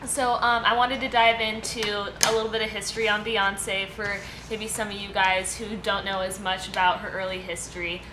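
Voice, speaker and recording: A woman with a medium-pitched voice co-hosts a casual podcast, presenting her segment at a moderate pace in a loose, chatty style. She barely pauses, using plenty of fillers and laughing easily, in an echoey room with steady background noise.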